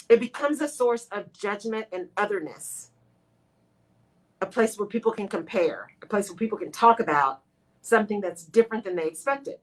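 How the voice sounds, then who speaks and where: A woman's voice: mid-range voice, expressive, brisk, poor audio. A woman hosting a live radio talk show, speaking expressively to her listeners and acting out her own inner voice.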